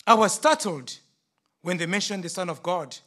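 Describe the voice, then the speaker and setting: A preacher voicing Pilate in a first-person sermon monologue, theatrical and rising to loud indignant outbursts. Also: male voice, sits high, animated, normal speed, exaggerated voice. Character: Roman governor Pilate, a frustrated, defensive man. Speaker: preacher in character.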